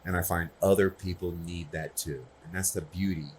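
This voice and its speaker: A man's voice: deep voice, fairly even intonation, normal speed, slight background noise. A man speaking earnestly and personally at a conference, often checking in with the audience. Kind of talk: conversational conference talk.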